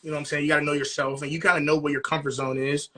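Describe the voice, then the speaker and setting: A man's voice: fairly high pitch, little pitch movement, very fast, bright, forceful tone. A young man co-hosting a podcast, chatting casually and animatedly, often asking "you know what I'm saying". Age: young adult. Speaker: podcast co-host. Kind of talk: casual chat.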